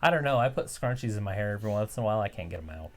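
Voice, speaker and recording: A woman's voice: very deep voice, animated, very fast. A woman co-hosting a casual live reaction chat, giving wry running commentary with trivia asides. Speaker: co-host reacting to a wrestling show.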